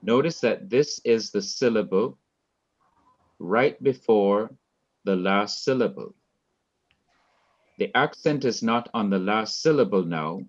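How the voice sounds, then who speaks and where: A man teaching a Hebrew class, explaining slowly and repeating key points for his students. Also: fairly low pitch, lively intonation, highs cut off. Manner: slow, repetitive, deliberate explaining. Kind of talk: classroom lecture.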